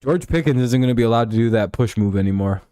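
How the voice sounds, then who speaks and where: A man's voice: mid-range voice, fast, dark tone, clear, resonant tone, no echo, studio quality. A man streaming live, talking football in a rambling, profane way with lots of fillers and restarts. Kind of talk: casual live-stream sports chat.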